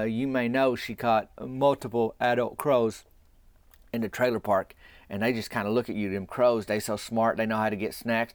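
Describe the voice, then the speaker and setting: A man's voice: mid-range voice, no echo. A man, telling a rambling comic story in a folksy, digressive way. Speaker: podcast host.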